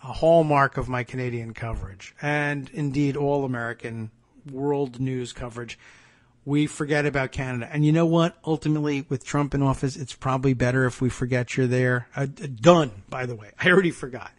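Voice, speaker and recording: A man's voice: medium pitch, brisk. A man hosting a political talk podcast, reading news items aloud and breaking off into sarcastic, chatty asides. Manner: sarcastic, chatty asides between read passages. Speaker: podcast host.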